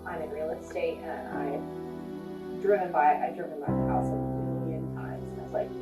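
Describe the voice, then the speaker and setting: Woman, animated storyteller, quotes people in different voices, distant mic, music in background. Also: sits low, normal speed. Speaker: homeowner. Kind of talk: casual storytelling interview. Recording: echoey room heard from a distance, music behind.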